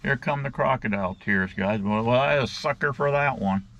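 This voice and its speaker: A man's voice: medium pitch, brisk, creaky, fairly bright tone, lo-fi sound. A middle-aged man in a casual rant to his viewers, blunt and crude, often calling them "guys". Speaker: vlogger.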